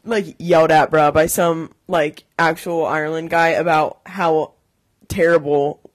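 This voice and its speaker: A woman's voice: sits low, fairly even intonation, unhurried. A young American woman in casual podcast chat with friends, rambling and swearing, full of "like". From United States. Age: young adult. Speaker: podcast co-host.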